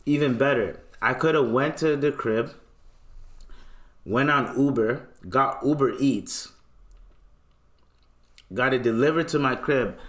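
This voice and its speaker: A young man with a Toronto accent, hosting a podcast, ranting in a casual, profane storytelling style with sudden loud outbursts. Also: medium pitch. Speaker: podcast host.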